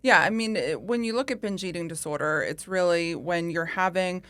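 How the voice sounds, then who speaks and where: A woman therapist on a podcast, explaining calmly with frequent ums and affirming mm-hmms. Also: lowish voice, moderate pace, no echo. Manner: calm, explanatory, with frequent um and mm-hmm. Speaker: therapist co-host.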